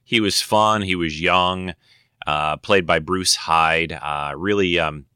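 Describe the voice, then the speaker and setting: A man's voice: deep voice, steady tone, takes it slowly, bright, forceful tone, smooth, dry recording, clean studio sound. A man hosting his own podcast, chatting casually and rambling with many fillers and self-corrections. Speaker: podcast host. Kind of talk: casual chat.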